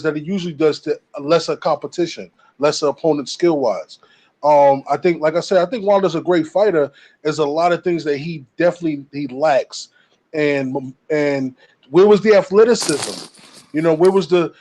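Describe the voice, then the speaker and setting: A man's voice: on the high side, darkish tone. A man calling in to a casual boxing debate, talking with many fillers and restarts. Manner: hesitant, fillers, repeats himself. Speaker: caller giving boxing take. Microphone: remote call.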